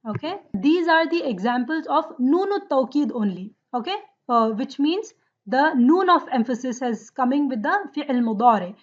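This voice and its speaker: High-pitched woman teacher, patient drilling delivery, dull lo-fi class recording. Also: animated. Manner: drills forms slowly, checks with "right?" and "okay?". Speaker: Arabic grammar teacher. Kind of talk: lesson on Quranic Arabic grammar.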